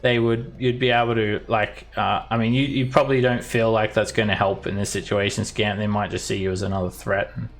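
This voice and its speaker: A man with a fairly low voice runs a tabletop game as dungeon master. He narrates loosely and describes each scene in detail. Faint music plays beneath him. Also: little pitch movement, a little fast, hardly any pauses.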